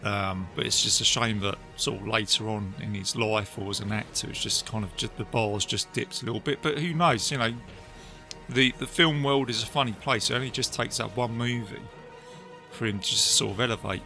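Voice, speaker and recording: A man chatting casually as a podcast co-host about a film, lively and talkative, often acting out lines. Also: on the low side, fairly quick, vocal fry, soft background music. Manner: chatty, animated, quotes film lines in put-on voices.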